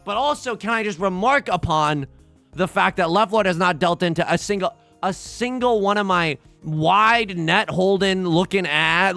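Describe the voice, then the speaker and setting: A young man casually commentating his own game, dramatic and self-mocking, swinging from hushed mutters to loud outbursts. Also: sits high, normal speed, creaky, soft background music. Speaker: let's play host.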